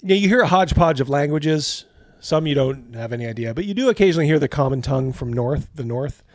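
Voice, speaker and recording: A man's voice: a little high, expressive, fast talker, dry recording, studio quality. A man narrating a tabletop game as game master in a casual, rambling way, laughing often.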